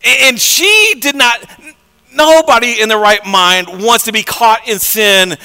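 A pastor preaching a conversational sermon, repeating words and swinging between soft and loud passages. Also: male voice, very high-pitched, takes it slowly, smooth, long reverb tail.

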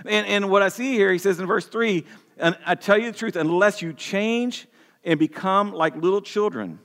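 High-voiced man preaching in a reverberant hall. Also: normal speed, fairly bright tone. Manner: earnest preaching with frequent repeated words and restarts. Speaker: pastor. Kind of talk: sermon.

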